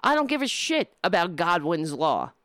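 A woman's voice: lowish voice, very animated, a bit bright, dry recording, studio quality. A woman giving an indignant opinion monologue, often stumbling and restarting as she builds her point. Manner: impassioned, indignant, with halting restarts.

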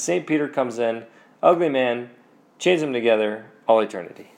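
Gravelly man telling a joke. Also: mid-range voice. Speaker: joke teller. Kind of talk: told joke.

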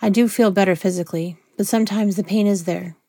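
A woman reading the part of a guarded, angry wounded man who speaks in low, clipped words. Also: steady tone, fast, mellow, no echo, lightly acted. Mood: troubled.

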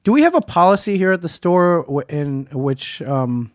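A man's voice: a little high, lively intonation, normal speed, dry recording, studio quality. A man co-hosting a podcast from a comic book store, chatting casually and joking in a rambling way. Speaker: podcast co-host.

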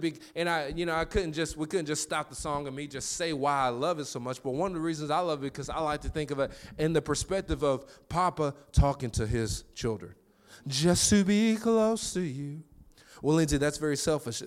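A man preaching a sermon in a conversational way, with quick restarts and call-and-response to the congregation. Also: fairly high pitch. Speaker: pastor.

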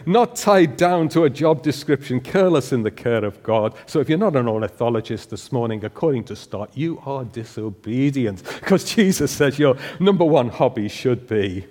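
A man's voice: mid-range voice, lively intonation, moderate pace, a little mellow. An older man giving a humorous sermon, putting questions to the congregation in a church. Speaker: preacher. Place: church hall. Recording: long hall reverb.

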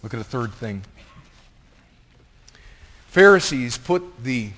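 Pastor preaching, goes quiet then loud real fast, big echoey church hall. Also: male voice, medium pitch. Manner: impassioned preaching, swinging from hushed to loud. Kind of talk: sermon. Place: church sanctuary. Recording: long reverb of a large hall.

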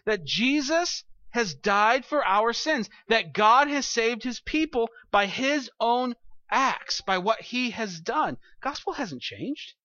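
A male pastor preaching a sermon at the front of a church, animated and conversational, slipping into quoted voices to make his points. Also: high-pitched, no room sound. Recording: dull lo-fi recording.

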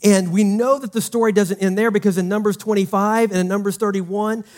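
A man preaching a sermon as pastor, emphatic and conversational, swinging from loud to hushed and asking the congregation questions. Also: high voice, fairly even intonation, fairly quick.

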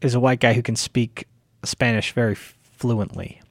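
A male podcast co-host with a mid-pitched voice, explaining earnestly and often restarting his sentences in a casual chat. He sounds close and dry, with no room echo. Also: little pitch movement, a little slow.

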